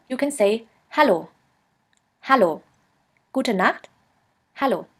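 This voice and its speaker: A woman teaching a beginner German lesson, patiently saying each phrase twice in a clear, steady way. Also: fairly high pitch. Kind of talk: slow instructional lesson, repeating each word.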